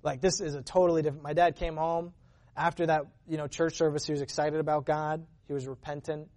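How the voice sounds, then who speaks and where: Man, slightly higher pitch, earnest conversational church testimony with frequent restarts. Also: flat delivery, a little fast, a little mellow. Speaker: church member giving a testimony. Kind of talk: personal testimony storytelling.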